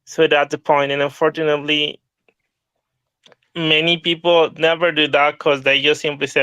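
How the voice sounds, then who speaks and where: A man's voice: on the high side, flat delivery, moderate pace, sharp tone, smooth, no echo. A man taking part in a language workshop, talking earnestly and sometimes searching for his words. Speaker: workshop participant. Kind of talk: casual discussion.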